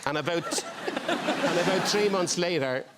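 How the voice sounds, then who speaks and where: A man's voice: high-pitched, sing-song, a little slow, very noisy. A middle-aged man, a chat show guest, telling a rambling anecdote with chuckles. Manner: chuckling, meandering storyteller.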